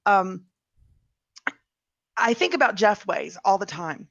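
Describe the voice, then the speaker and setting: A woman's voice: medium pitch, expressive, slow pace, creaky, a bit bright, no echo. A woman who writes fiction, co-hosting a casual podcast chat in a chatty way, with many fillers. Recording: slightly dull lo-fi sound.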